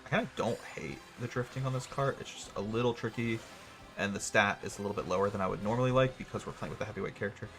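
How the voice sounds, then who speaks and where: Joking young male game streamer, low voice. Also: quick pace, creaky, fairly bright tone. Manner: joking, rambling, sarcastic. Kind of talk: gaming livestream chat.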